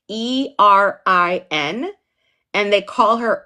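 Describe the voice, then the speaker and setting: A woman's voice: medium pitch, expressive, slow pace, bright, forceful tone. A young woman from the US East Coast teaching a casual livestream lesson, chatty and playful, digressing often and asking "okay?". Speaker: online TV pitching instructor.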